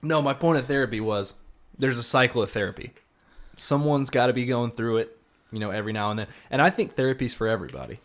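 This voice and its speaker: A man's voice: mid-range voice, fast. Casual man telling a story on a podcast. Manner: animated storyteller acting out quotes. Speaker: podcast co-host.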